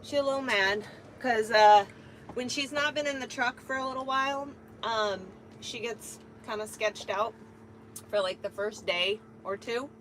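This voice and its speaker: A woman's voice: on the high side, measured pace, fairly bright tone, slight background noise, low-quality recording. A woman truck driver chatting casually on a live stream from inside her truck cab, talking to her viewers and her cat.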